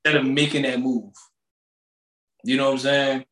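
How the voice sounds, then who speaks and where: A man co-hosting a podcast, chatting casually with slangy, animated storytelling. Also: medium pitch, moderate pace, roomy sound. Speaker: podcast co-host. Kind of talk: casual chat.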